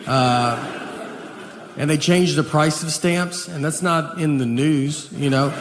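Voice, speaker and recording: Deadpan man telling stand-up stories. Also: fairly high pitch, takes it slowly, noisy background. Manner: deadpan, self-deprecating storytelling. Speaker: stand-up comedian. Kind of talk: stand-up comedy set. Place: theater stage before an audience. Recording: echoey hall, live audience laughter.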